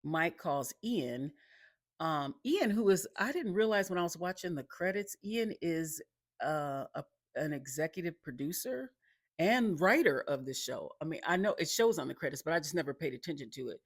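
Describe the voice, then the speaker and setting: A man's voice: a little high, lively intonation, normal speed, dry recording, studio quality. A man casually recapping a TV episode, rambling with lots of ums and restarts and chuckling along the way.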